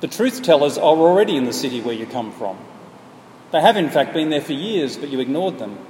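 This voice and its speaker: A man voicing a calm, kindly gardener who speaks gently but firmly. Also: a little high, a little fast. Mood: solemn. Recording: echoey hall, faint background noise.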